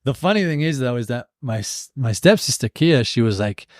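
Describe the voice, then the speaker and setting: A young man from Australia with a mild Australian accent, co-hosting a podcast and telling stories in a casual, animated way. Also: medium pitch, fairly quick, no room sound, studio quality. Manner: animated storyteller, jumps between tangents. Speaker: podcast co-host. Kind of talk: casual chat.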